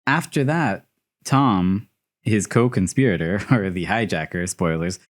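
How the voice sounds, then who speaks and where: A man's voice: low-pitched, measured pace. A man co-hosting a film podcast, talking casually and laughing often, with lots of filler words. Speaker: podcast co-host. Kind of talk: casual chat.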